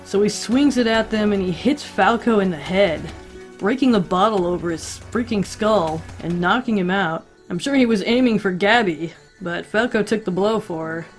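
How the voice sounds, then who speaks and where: A woman's voice: mid-range voice, normal speed. Woman host, casual recap, wry and profane, faint music bed.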